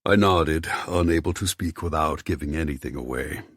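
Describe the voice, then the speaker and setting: A man reads an audiobook in the first person, his voice deep and husky. His telling is tense and inward, with plenty of movement in pitch. The sound is close and dry. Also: moderate pace, fairly bright tone, no echo. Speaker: audiobook narrator. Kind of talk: scripted audiobook narration.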